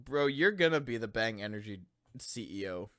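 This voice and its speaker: A young man co-hosting a comedy podcast, joking and laughing in casual back-and-forth. His voice is bright and a bit tense, with lively jumps in pitch. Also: normal speed. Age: young adult. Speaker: podcast co-host.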